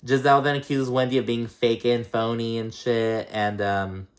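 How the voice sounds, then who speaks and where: A man's voice: mid-range voice, flat delivery, moderate pace. A man casually recapping a reality show episode, blunt and profane, with lots of fillers and strong opinions.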